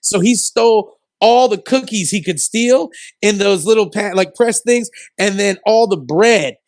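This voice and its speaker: A man's voice: high-pitched, measured pace, no room sound, studio quality. A man co-hosting a radio comedy talk show, telling stories in slangy casual banter and laughing often.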